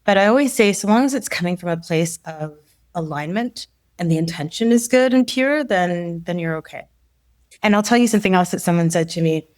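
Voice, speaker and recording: A woman in her forties tells her story in an easy, chatty way, often acting out what people said to her. Her voice sits a little low, and the sound is close and dry, with no room around it. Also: fairly quick, dry recording. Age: 40s. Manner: animated storyteller who acts out quotes, laughs often. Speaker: leadership coach, podcast guest. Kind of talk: casual interview conversation.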